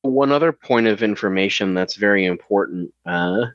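A man's voice: lowish voice, moderate pace, no room sound, muffled recording. A man on an online call, joking around in casual banter with many fillers before a recording. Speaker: cast member of an audio drama. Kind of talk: casual pre-show banter. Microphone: online video call.

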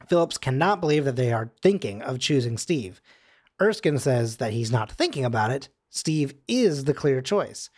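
A man co-hosting a casual podcast, retelling a film scene by scene with eager enthusiasm and frequent laughter. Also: on the high side. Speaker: podcast co-host recapping a film. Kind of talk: casual chat.

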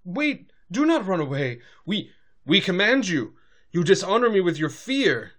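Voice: mid-range voice, sing-song, unhurried, a bit bright, voice pushed up. A co-host doing a stately, archaic pony princess. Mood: stern. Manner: formal, old-fashioned royal speech. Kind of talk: recapping a cartoon episode.

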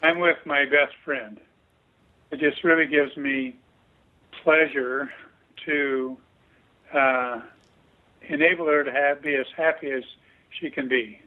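A man guest, a chiropractor, speaking haltingly in an interview with many pauses and restarts. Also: medium pitch, steady tone. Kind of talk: casual interview chat. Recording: tinny phone line.

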